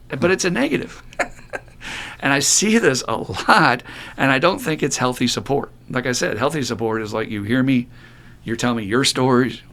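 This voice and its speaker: A middle-aged man co-hosting a podcast, talking bluntly with plenty of swearing and acting out the voices of the people he describes. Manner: blunt, profane, animated storytelling; acts out quoted voices in a raised pitch. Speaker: podcast co-host. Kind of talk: casual podcast talk.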